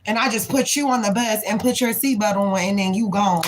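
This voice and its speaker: A woman's voice: mid-range voice, brisk, few pauses, slight background noise, low-quality recording. A woman hosting a livestream reading, telling a story about her son in a candid, profane, casual way. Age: adult parent. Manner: candid, profane, animated when retelling. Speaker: tarot reader and livestream host.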